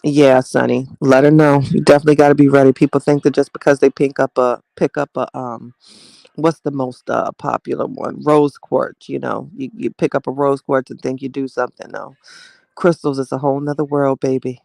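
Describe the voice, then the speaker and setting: A man hosting a casual live stream, chatting warmly with viewers and greeting them by name, calling them child and baby. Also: medium pitch, level tone, normal speed, creaky, dry recording.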